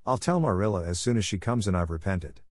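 A man's voice: low voice, animated, quick pace, a little mellow, no echo, studio quality. A man voicing an imaginative, talkative young orphan girl in a storybook reading, speaking in a dramatic, effusive and earnest way.

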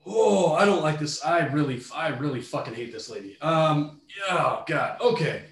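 A man giving a heated, profane rant while reacting to a story, shouting in bursts. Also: on the high side, animated, normal speed, echoey room.

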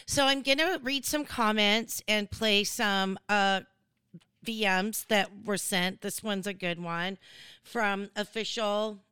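Bright, crisp-voiced gossipy woman. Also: mid-range voice, slow, no room sound. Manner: chatty, gossipy, digressive. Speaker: recap host. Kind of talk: casual recap commentary.

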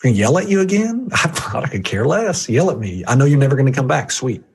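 Male podcast guest, husky voice, punchy coaching delivery with jumpy pitch. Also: big pitch swings, fairly quick. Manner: emphatic, jumpy pitch, direct address to listener. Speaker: guest reviewing a book on sales. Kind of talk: energetic coaching talk.

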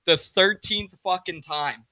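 A young man co-hosts a podcast and tells stories loosely, swearing and laughing. His voice is a little high, with a bright edge. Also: slow. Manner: crude, laughing storyteller. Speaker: podcast co-host. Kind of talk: casual chat.

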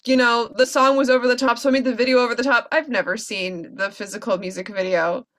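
Bright, higher-pitched young woman gushing. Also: steady tone. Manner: enthusiastic, quick asides, filler-heavy. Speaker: podcast co-host. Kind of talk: casual chat recapping a TV episode.

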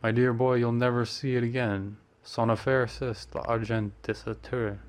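A man's voice: mid-range voice, level tone, moderate pace, lightly acted. A man doing an urbane, teasing painter. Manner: amused, urbane, drops French phrases. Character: worldly, teasing male painter friend.

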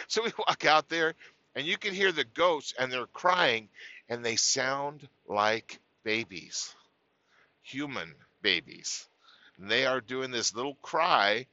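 A man's voice: mid-range voice, sharp tone, no echo. A man telling a humorous childhood story in a chatty, folksy, self-deprecating way, with laughs and restarts. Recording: slightly dull lo-fi recording.

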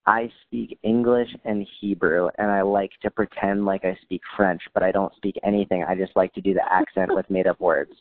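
A low-voiced man speaks at a normal pace with few pauses, recorded dry like a phone call. He's a guest in a casual chat, telling funny stories with dry humor and acting out what people said in lively voices.

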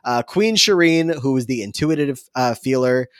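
A man's voice: mid-range voice, expressive, normal speed, no echo. Rambling male podcast co-host, dry sound. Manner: rambling, many filler words. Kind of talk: casual episode recap.

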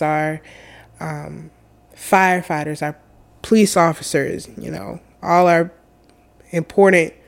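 A young woman telling a personal story in an earnest, halting way, tearful and full of fillers. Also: fairly low pitch, darkish tone.

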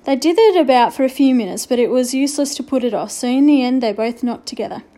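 A woman reads a children's story aloud with measured, expressive narration. Her voice sits slightly high and sounds mellow and rounded. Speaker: audiobook reader.

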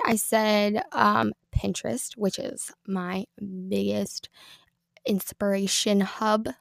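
A woman's voice: medium pitch, vocal fry, fairly bright tone, dry recording, studio quality. A young woman hosting her own podcast in casual, rambling chat with many ums, her voice a little congested. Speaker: podcast host. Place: small closet at home.

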